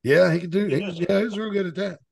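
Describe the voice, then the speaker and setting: A man with a gravelly, creaky voice pitched a bit high for a man chats on a podcast panel. He tells stories bluntly and speaks his mind. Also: fast talker, darkish tone. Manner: blunt, outspoken storyteller. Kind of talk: casual chat.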